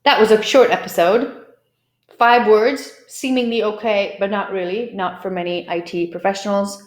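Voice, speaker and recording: A woman teaching English pronunciation, explaining clearly and drilling words by repeating them. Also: mid-range voice, steady tone, normal speed. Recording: roomy echo.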